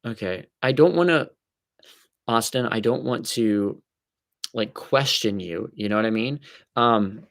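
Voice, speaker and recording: A man's voice: mid-range voice, unhurried, vocal fry, long pauses, fairly bright tone, dry recording, studio quality. A man hosting a casual live stream, chatty and joking as he answers viewers by name.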